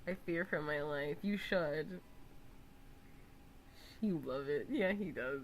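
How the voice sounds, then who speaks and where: A young woman on a live stream chats casually in a slightly low voice. She rambles, teases and jokes. A faint hum of background noise sits under her talk. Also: slow, pauses often, low-quality recording. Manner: chatty, teasing, laughs loudly.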